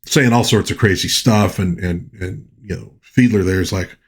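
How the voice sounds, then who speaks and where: A man reviewing an old film, retelling its plot in a chatty, animated way with frequent restarts. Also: deep voice, moderate pace, breathy edge. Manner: chatty, animated, lots of you-knows and restarts. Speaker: movie reviewer.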